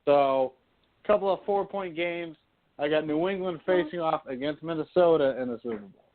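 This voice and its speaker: A man's voice: on the high side, normal speed. A man co-hosting a radio talk show, giving confident, opinionated takes on sports and politics. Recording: phone-line quality audio.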